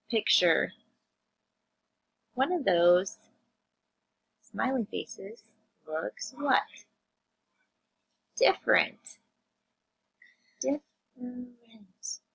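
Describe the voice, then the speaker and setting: A woman teacher reviewing vocabulary and phonics with young children, sounding words out slowly and asking them questions. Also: on the high side, expressive, gravelly, bright, forceful tone, husky, poor audio. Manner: slow, drawn-out phonics sounding-out, addressing kids.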